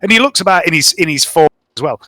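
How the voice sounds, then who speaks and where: A man's voice: on the high side, animated, rapid-fire, pushed and bright, no room sound. A man narrating a tabletop game as game master, in a chatty, descriptive way. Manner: chatty, descriptive, laughs easily.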